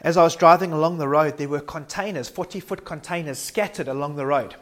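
Man, sermon, earnest and reflective, slightly high voice, occasional restarts. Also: brisk. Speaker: preacher.

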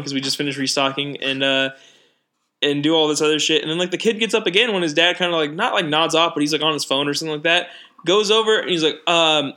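A young man with a bright, lightly raised voice tells a meandering story, full of "like" and restarts. It's loose, casual podcast talk between friends. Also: a little high, quick pace. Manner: rambling storyteller with many fillers and restarts. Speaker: podcast co-host. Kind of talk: casual chat.

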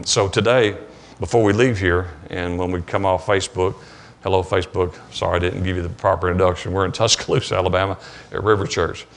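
A man preaching a conversational sermon at a church service, plain-spoken and storytelling, often clearing his throat. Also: deep voice, steady tone, a little fast.

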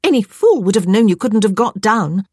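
A brisk, exasperated young woman, put on by a female narrator speaks in a raised, sharp tone. Her lines come out high and pushed, with a slightly breathy edge. The audiobook sound is close and dry. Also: sing-song, no room sound. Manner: sharp, impatient scolding and loud calls.

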